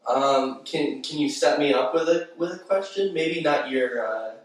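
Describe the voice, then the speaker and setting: Young man, crude joking banter, slightly high voice, very echoey room. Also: unhurried. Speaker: guest co-host. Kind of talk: casual comedic film review chat. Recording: very echoey room, distant mic.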